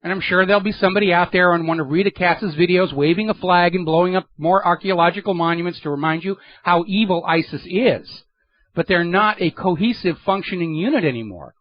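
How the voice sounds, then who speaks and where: A man's voice: sits high, no room sound, dull audio. A man hosting a political talk radio show, delivering an emphatic, sardonic monologue into a studio microphone.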